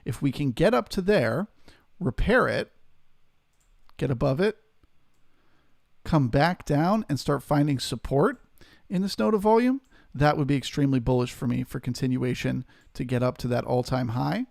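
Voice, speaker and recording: Gravelly man giving live market commentary. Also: mid-range voice, moderate pace, dry recording, studio quality. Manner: steady analytical, greets chat viewers. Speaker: trading stream host.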